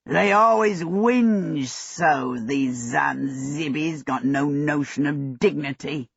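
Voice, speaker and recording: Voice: mid-range voice, big pitch swings, slow pace, vocal fry, bright, forceful tone, husky, no echo, exaggerated voice. A narrator voicing a harsh squad leader who barks clipped orders. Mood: harsh barking. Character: gruff soldier squad leader, curt and harsh. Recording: dull lo-fi audio.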